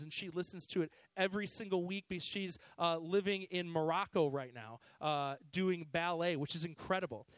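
A man preaches in a relaxed, conversational way. He often adds "you know" and restarts his phrases. His voice is very high for a man, and the sound is dry and close. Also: dry recording, poor audio. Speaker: youth pastor. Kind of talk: sermon.

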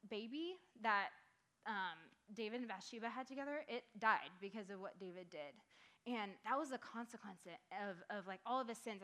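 A young woman giving a casual youth-group sermon, excitable and full of "like" fillers, moving between loud outbursts and hushed earnest talk. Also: medium pitch.

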